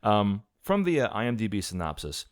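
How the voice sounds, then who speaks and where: A man hosting a casual movie podcast, talking in a halting way with many filler sounds as he sets up the episode. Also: fairly low pitch, sing-song, dry recording, clean studio sound. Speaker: podcast host. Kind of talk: casual movie review chat.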